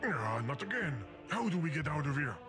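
An actor voicing a flustered, put-upon talking game who pleads and complains. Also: male voice, a little high, very animated, brisk, music in the background. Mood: exasperated. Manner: exasperated, pleading.

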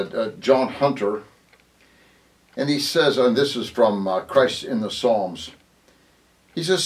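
Pastor teaching from a distance. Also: male voice, mid-range voice. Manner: reads scripture aloud, lingers on words, with fillers. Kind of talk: devotional Bible teaching.

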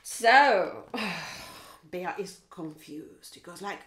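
A woman teacher reading a picture book aloud to children in an animated, playful way, with mouth sounds and sing-song asides. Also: fairly low pitch, drawn-out words, reverberant. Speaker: teacher and storyteller.

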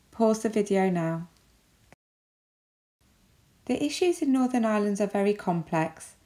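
A woman with an English accent, giving a recorded lesson as a teacher with clear, measured explanations. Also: medium pitch, a little mellow.

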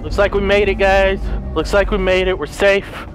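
A young man giving let's play commentary, excitable and panicky, swearing and laughing often. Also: sits high, moderate pace. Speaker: gaming YouTuber. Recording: game music playing behind.

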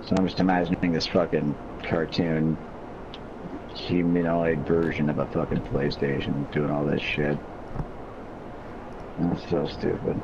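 A man's voice: very deep voice, flat delivery, a little slow, long pauses. A man chatting casually while playing a video game, rambling through crude jokes and laughing at them. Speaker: gamer. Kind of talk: casual gaming chat. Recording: muffled mic with noisy background.

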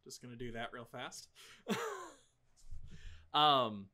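A man's voice: medium pitch, slow, sharp tone. A man running a tabletop game as game master, narrating with lots of fillers and laughs.

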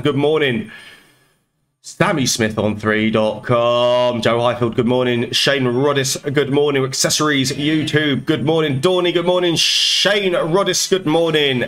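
A man hosting a live slots stream, chatting casually and greeting viewers by name in quick, upbeat bursts. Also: medium pitch, a bit bright. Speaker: slot streamer host.

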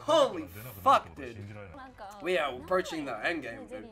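A young man streaming his reaction, shouting, laughing and swearing with excitement, hoarse from yelling. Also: on the high side, unhurried. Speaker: streamer reacting to a game trailer.

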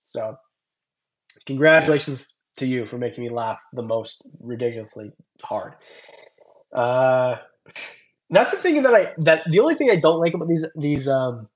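A man's voice: mid-range voice, animated, normal speed. A young man casually chatting on his stream, rambling and thanking viewers by name as he reads their comments. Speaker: reptile channel host. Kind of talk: casual livestream chat reading comments.

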